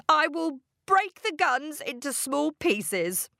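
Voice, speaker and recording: A woman reads the part of a calm, practical father from a children's storybook. He speaks very slowly and carefully, and his pitch moves lively up and down. The sound is dry and close. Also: no room sound, heavily acted. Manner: slow, careful read-aloud delivery. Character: fatherly man, calm and resourceful.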